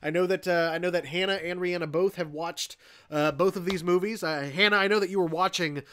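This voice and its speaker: A man's voice: sits high, fairly even intonation, brisk, bright, forceful tone, a little hiss or hum. A young man hosting a casual horror-movie livestream, rambling and swearing, laughing often. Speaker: podcast host.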